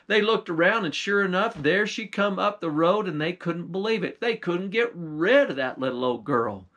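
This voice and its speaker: A man's voice: high voice, animated, moderate pace, fairly bright tone. A man, a pastor, telling an old folktale in a folksy rural dialect. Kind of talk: folktale storytelling.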